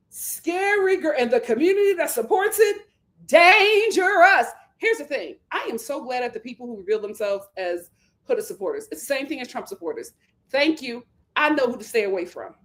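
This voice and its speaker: A young adult woman hosting a reality TV recap, talking in an animated, sarcastic way and mocking the people she discusses. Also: sits high, fairly quick. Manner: animated, sarcastic, mocking impressions, breaks into laughter. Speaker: commentary channel host.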